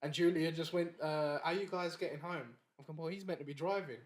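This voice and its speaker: Animated man with a higher voice. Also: fairly quick. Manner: animated, laughing, acts out the quoted dialogue. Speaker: wrestler, podcast guest. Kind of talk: casual storytelling in a podcast chat.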